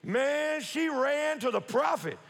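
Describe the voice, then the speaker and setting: Pastor guy preaching, really high gravelly voice, lots of repeating n shouting, long church hall echo. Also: expressive, slow. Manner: preaching with rising shouts and repetition. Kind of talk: sermon. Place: church sanctuary. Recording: echoey hall with long reverb.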